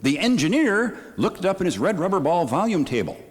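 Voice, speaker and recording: A man's voice: high voice, sing-song, brisk. A man telling joke stories on a live radio show, acting out the characters as he goes. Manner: storytelling, acts out voices in jokes. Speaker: radio actor. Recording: long theatre reverb.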